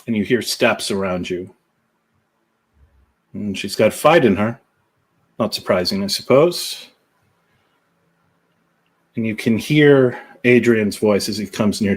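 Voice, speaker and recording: A man running a tabletop role-playing game, narrating scenes slowly and deliberately. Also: lowish voice, slightly rough. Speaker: game master.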